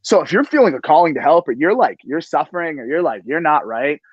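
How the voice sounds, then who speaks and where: A man hosting a podcast, talking in an excitable, gushing, casual way. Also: fairly high pitch, quick pace, breathy edge, dry recording. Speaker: podcast host. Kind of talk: casual chat. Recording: dull, lo-fi sound.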